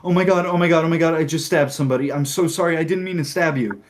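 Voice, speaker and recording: A man's voice: on the high side, voice pushed up, natural voice. A man voicing a panicked teenage girl who keeps apologizing. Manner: frantic, apologetic, rushed.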